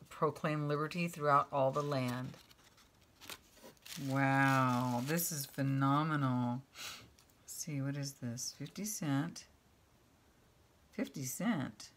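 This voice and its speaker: A woman's voice: rumbling low, slight background noise. A woman in her fifties chatting casually to camera as she opens fan mail, gushing and exclaiming over each item and reading them aloud as she goes. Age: 50s. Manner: reads items aloud, thinking out loud. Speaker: craft vlogger opening fan mail.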